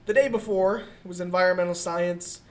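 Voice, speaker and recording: Profane, animated woman telling a story. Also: on the low side, a little fast. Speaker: podcast co-host. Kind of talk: casual comedic storytelling.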